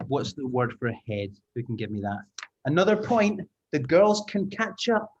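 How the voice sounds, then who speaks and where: A man's voice: mid-range voice, sing-song, normal speed. A man leading an online language-teaching taster class, upbeat and encouraging, explaining sounds step by step. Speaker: English teaching trainer. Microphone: video call. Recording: muffled video-call audio.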